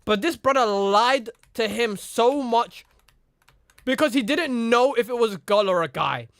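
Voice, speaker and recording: This streamer's very high, animated voice is gravelly yet fairly bright, moving at a measured pace with no room sound. Casually rambling through a story, the young man imitates the people involved and repeats "you know what I mean."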